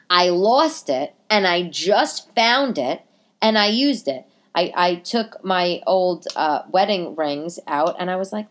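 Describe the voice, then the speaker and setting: A woman hosting a podcast, telling stories in a casual, animated monologue that leaps up in pitch for exclamations. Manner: animated, jumps high in pitch for quoted exclamations. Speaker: podcast host.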